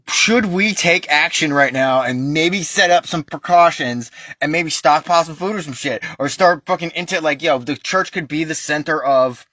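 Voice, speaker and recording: American guy ranting and cussing nonstop, kinda high sharp voice, super dry sound. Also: normal speed, hardly any pauses, no echo. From United States. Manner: profane, heated, emphatic ranting. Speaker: vlogger. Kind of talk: ranting monologue.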